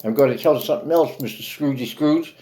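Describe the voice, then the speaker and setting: A man's voice: fast, warm tone, close to an everyday voice. A man doing a stern warning ghost talking jive. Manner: low, warning, jive slang. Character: ghostly old male business partner, stern and warning.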